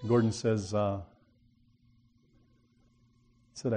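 A man's voice: lowish voice, steady tone, moderate pace, pauses often, warm tone. A man preaching a sermon, telling a story in a folksy, earnest way and rising to emphatic appeals.

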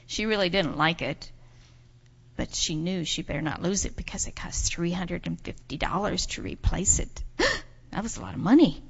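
A woman telling a children's story in church, animated and expressive, putting on voices for the people in her tale. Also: moderate pace, gravelly, husky. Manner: expressive, acts out voices with big pitch jumps. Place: church sanctuary. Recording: dull sound in a reverberant church hall.

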